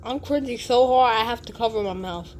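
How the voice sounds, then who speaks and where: A man's voice: very high-pitched, fairly quick, slight background noise, pitched above the performer's own voice. A man voicing a mocking young woman with an exaggerated, incredulous manner.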